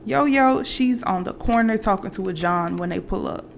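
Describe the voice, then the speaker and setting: A woman's voice: medium pitch, normal speed, vocal fry, a little hiss or hum. A woman vlogger casually retelling a movie plot, rambling with fillers and restarts. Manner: acts out quoted characters.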